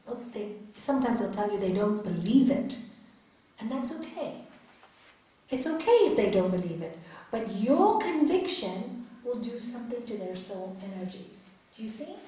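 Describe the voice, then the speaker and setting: A middle-aged woman giving an earnest, expressive spiritual talk as a raja yoga teacher to an audience in a hall. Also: medium pitch, unhurried. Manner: earnest, expressive, acts out quotes. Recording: echoey hall, distant mic, faint noise.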